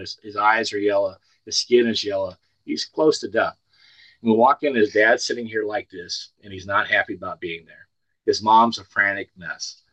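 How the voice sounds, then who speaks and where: A man's voice: lowish voice, fairly bright tone, no echo, muffled recording. A man giving an earnest personal testimony at a recovery meeting, telling stories and often repeating words as he starts a thought.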